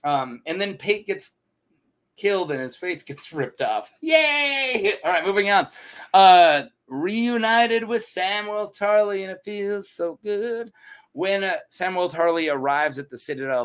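A man casually retelling fantasy lore as a channel host, jokey and animated, laughing at his own asides. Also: on the high side, unhurried.

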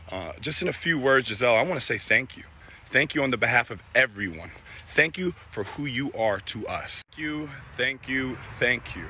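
A man in his thirties, a father giving a heartfelt recorded message, halting and emotional, with many fillers and restarts. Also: mid-range voice, bright, forceful tone.

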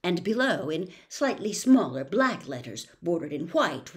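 A woman reading a children's novel aloud as narrator, expressive and unhurried. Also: fairly low pitch. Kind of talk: storybook read-aloud.

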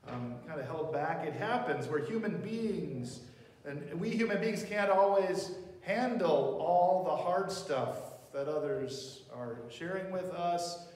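A pastor preaches conversationally in a church sanctuary, frequently asking the congregation questions. His voice is fairly high, expressive, slow and somewhat dark. The distant mic picks up roomy hall reverb.

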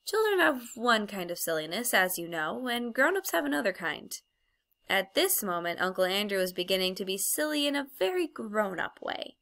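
Female audiobook narrator, even storytelling, crisp and bright tone. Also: mid-range voice, moderate pace. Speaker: audiobook reader.

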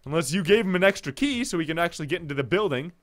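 A man's voice: fairly high pitch, racing, noisy background. A young man commentating a horror game as he plays it, reading the dialogue aloud and yelping at the jump scares. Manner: jumpy, excitable, yelps at scares. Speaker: gameplay commentator.

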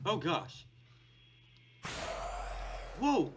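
A young man hosting a gaming video, giving excitable casual commentary and shouting at the screen. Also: extremely high pitch, slow, pauses often, background noise.

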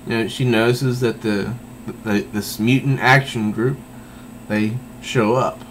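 Male comic reviewer, unhurried and rambling, mid-pitched, with a faint hum of air conditioning behind him. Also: steady tone, poor audio. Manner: meandering, thinking aloud. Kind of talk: casual spoken review.

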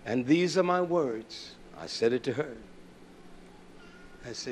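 A middle-aged male preacher giving a sermon, swinging from shouted preaching to low, muttered storytelling. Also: unhurried, long pauses, slight background noise.

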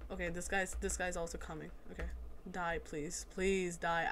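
A woman giving casual let's-play commentary as she plays a video game, excitable and quick to exclaim at the action. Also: on the low side.

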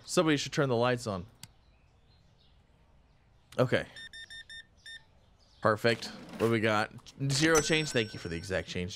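A man hosting a casual let's-play, chatty and excitable, thinking aloud with frequent exclamations. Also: medium pitch. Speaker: gaming channel host.

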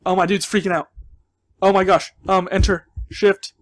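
A high-pitched man talks through a scary game as a let's play. He gets flustered and jumpy, thinks aloud and exclaims often. Between outbursts he drops to a quiet mutter. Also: little pitch movement, moderate pace, no room sound. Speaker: gaming channel host.

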